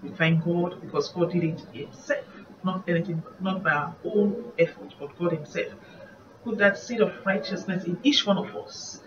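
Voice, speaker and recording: Speaking at a normal speed in a voice on the low side, a female evangelist with a Nigerian English accent gives a reflective, earnest devotional sermon. Faint background noise sits under a muffled, far-off recording.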